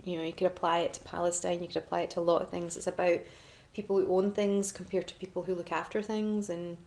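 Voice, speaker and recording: A woman's voice: lowish voice, little pitch movement, quick pace, darkish tone. A woman in a chatty, rambling and self-deprecating casual chat to camera, answering fan requests as an actress.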